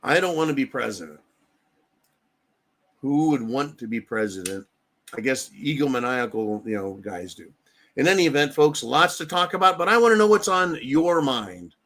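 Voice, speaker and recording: A man's voice: mid-range voice, expressive, moderate pace, fairly bright tone. A man from the United States hosting a livestream, giving blunt political commentary, swearing freely and often tagging his points with "right?". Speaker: livestream host.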